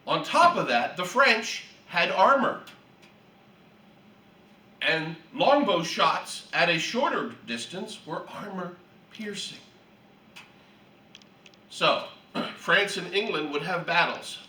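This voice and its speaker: A man teaching a Bible class who tells stories with lively energy and often clears his throat. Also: sits high. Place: room for a church class. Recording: echoey room, distant mic.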